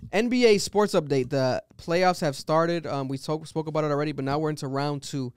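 A man's voice: fairly high pitch, normal speed, clear, resonant tone, no echo, clean studio sound. A young man hosting a podcast in casual chat, telling stories animatedly with slang and swearing. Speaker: podcast host.

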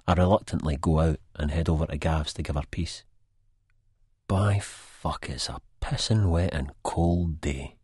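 Deep, husky Scottish male narrator. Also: moderate pace, darkish tone, no echo, studio quality. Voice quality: broad dialect delivery, sweary and blunt. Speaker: audiobook narrator. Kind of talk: first-person audiobook narration.

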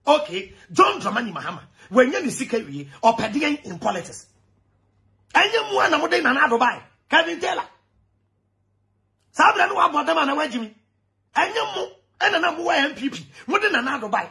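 A man with a Ghanaian accent giving an animated political rant, shouting and laughing as he mixes English with Twi. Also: extremely high pitch, vocal fry. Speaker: commentator.

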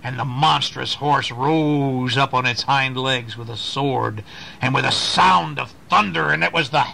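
Gravelly man reading a bedtime story. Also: medium pitch, measured pace. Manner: animated, asks the listener questions about the pictures.

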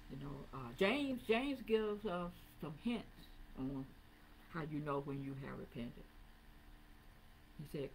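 A woman pastor preaching a sermon in a church, rising into sing-song repeated calls and dropping low to talk plainly with the congregation. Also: lively intonation, takes it slowly, long pauses, slight background noise, low-quality recording. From Southern United States. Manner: preaching with swelling, sing-song emphasis and repetition. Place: church sanctuary, also streamed online.

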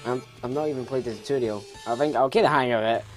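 A man's voice: mid-range voice, fast. A young Scottish man chatters his way through a video game in a loose, rambling commentary. He mocks himself, laughs often and swears freely, with a middling voice and game music playing behind him. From Scotland. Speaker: let's play host. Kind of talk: casual gameplay commentary.

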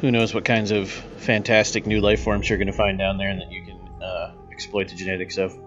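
Male game master, bright, punchy narration, dry humor, lo-fi sound. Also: low voice, level tone, brisk, soft background music.

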